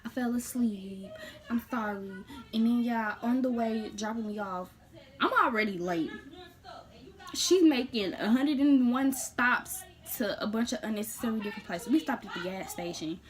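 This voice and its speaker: A woman recounts a personal story to her viewers, casually and bluntly, her animated delivery shifting between loud bursts and quiet asides. Her voice is on the high side at a moderate pace.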